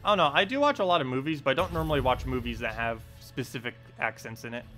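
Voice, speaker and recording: Fast and expressive, a young man from the U.S. with a New Jersey accent chatters over his live game, his medium-pitched voice carrying a sharp tone. Faint music plays behind him as he rambles, drops lots of ums and uhs, and laughs at himself.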